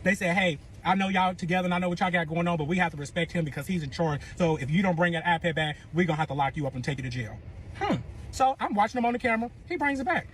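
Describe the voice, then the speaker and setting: A man telling a dramatic personal story in a profane, animated way, acting out what people said. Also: high voice, very fast, a little hiss or hum. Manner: profane, dramatic, acts out quotes. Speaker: storyteller in a clip.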